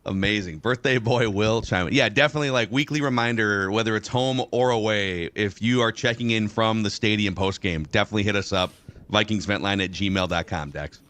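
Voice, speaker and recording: A man's voice: fairly low pitch, fairly quick, fairly bright tone. A man hosting a sports talk podcast, loose and analytical, a little rambling. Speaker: podcast host.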